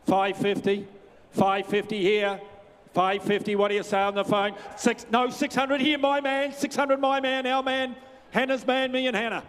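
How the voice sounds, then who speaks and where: A male auctioneer with a New Zealand accent rattles off bids in a quick, rhythmic chant, breaking off to coax and tease the bidders. His voice sits high and rings out clear and smooth. It carries a long reverb from the large sales hall. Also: fairly even intonation, a bit bright. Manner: fast rhythmic bid calling with banter to bidders.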